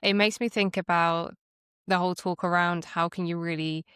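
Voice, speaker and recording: A woman hosting a podcast, responding to her guest in a warm, affirming way. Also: lowish voice, fairly even intonation, moderate pace, clean tone, no echo, clean studio sound. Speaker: podcast host. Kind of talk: podcast conversation.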